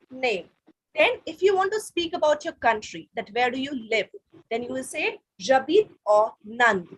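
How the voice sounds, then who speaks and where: Her high-pitched, husky voice comes through a video call as she teaches children French online. Speaking with an Indian English accent, she patiently says phrases for the pupils to repeat.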